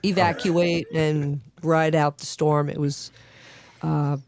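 Slow-spoken woman from New York. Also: low-pitched, level tone, darkish tone. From Long Island, New York. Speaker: radio show guest. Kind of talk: casual radio chat.

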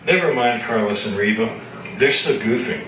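Brief: playful, teasing young woman, read by a man at a live reading, raised pitch, echoey room heard from a distance. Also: normal speed, fairly bright tone, a little hiss or hum, lightly acted. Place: live reading at an evening gathering.

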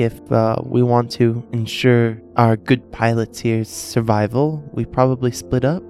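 A man's voice: medium pitch, mellow. A man playing a tabletop game who rambles hesitantly, full of ums and restarts. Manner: rambling, hesitant, filler-heavy. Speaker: player. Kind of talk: casual tabletop game play.

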